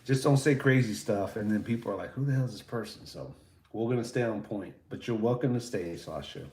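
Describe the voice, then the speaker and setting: A man's voice: on the low side, fairly quick, darkish tone, a little hiss or hum. A man hosting a live stream, chatting casually in a rambling, laid-back and profane way while talking to viewers. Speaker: livestream host. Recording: roomy echo, faint music behind.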